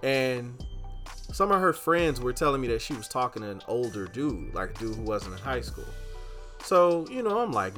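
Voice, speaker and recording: Young guy hosting a podcast, bright punchy voice, gets loud and animated telling stories. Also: normal speed, soft background music. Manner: animated, gets loud and high when excited. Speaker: podcast host. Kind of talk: casual storytelling.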